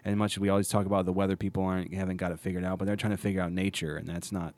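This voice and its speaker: A man's voice: deep voice, level tone, racing, a little mellow. A man hosting a podcast in casual chat, rambling and restarting his sentences often. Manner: rambling, self-interrupting, many restarts. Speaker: podcast host.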